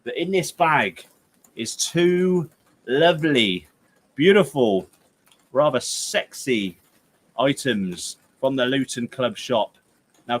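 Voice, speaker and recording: A young man with a Gloucestershire and Herefordshire accent hosts a football livestream. He chats casually and reads out viewer comments. He jokes, rambles, sounds tired and breaks into playful outbursts. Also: medium pitch. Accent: Gloucestershire/Herefordshire English. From England.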